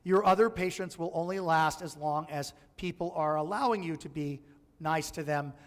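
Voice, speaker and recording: High-voiced pastor preaching in a reverberant church. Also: male voice, normal speed. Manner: conversational and humorous, acts out voices in his stories. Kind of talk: sermon. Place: church sanctuary. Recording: church live stream with long hall reverb.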